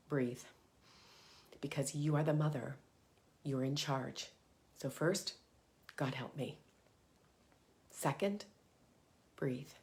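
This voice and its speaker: Middle-aged woman, parenting coach, emphatic live talk, fairly low voice, whispers mantras. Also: slow pace, pauses often. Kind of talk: live motivational talk to moms.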